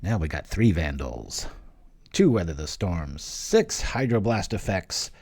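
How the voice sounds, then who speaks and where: A young man hosting his channel, giving casual live commentary on a card game he is playing, thinking aloud with quick jokes and small exclamations. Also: sits low, very animated, a little mellow, breathy edge.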